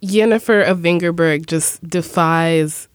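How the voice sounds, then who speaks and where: A woman's voice: lowish voice, measured pace, clean tone, no room sound. A woman in casual podcast chat, candid and blunt, laughing often. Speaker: podcast panelist.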